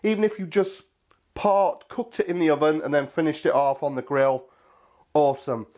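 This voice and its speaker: A man's voice: fairly high pitch, fairly even intonation, normal speed, darkish tone. A man hosting a casual cooking video, chatty and enthusiastic, talking to viewers as his friends. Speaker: cooking channel host.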